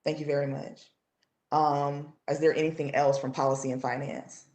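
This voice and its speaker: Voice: medium pitch, level tone, normal speed, darkish tone. Board chair in a roomy hall. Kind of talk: chairing a public meeting.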